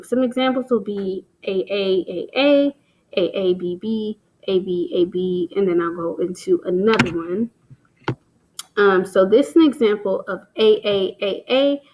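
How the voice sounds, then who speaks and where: A woman explains literary terms in a steady teaching voice. She stops often with "um" and "so", then reads short example lines aloud before going back to explaining. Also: mid-range voice, poor audio. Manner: plain, patient explaining with frequent "um" and "so".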